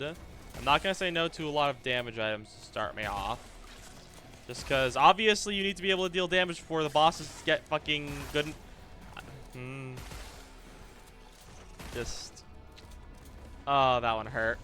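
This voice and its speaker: Male streamer, mid-pitched and bright, muttering and cursing as he plays. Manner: thinks aloud, stammers and repeats himself, swears when frustrated. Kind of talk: live gaming commentary.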